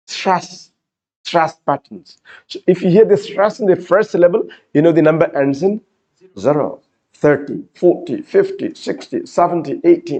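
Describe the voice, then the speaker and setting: A man's voice: on the high side, darkish tone. A man teaching an exam-prep class, repeating key words and explaining step by step. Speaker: IELTS teacher. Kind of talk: classroom lecture.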